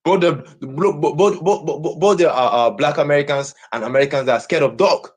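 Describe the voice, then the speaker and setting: A man's voice: on the high side, fairly quick, breathy edge. A man from Nigeria, talking on a live stream in a boastful way and repeating his words again and again. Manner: boastful, repeats himself over and over.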